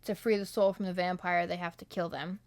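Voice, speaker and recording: A woman's voice: fairly low pitch, flat delivery, brisk. Chatty woman reading her notes aloud. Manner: rambling, chatty, many fillers and asides; slips into playful accents when quoting. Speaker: solo vlogger reviewing a film. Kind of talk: casual commentary read from notes.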